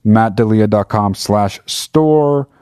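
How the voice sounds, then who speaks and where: A man rants to his listeners in a casual monologue, swearing freely and hammering his points home. His voice sits low, and the recording is dry with no room sound. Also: takes it slowly, clean tone, dry recording. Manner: profane, emphatic, animated. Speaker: podcast host.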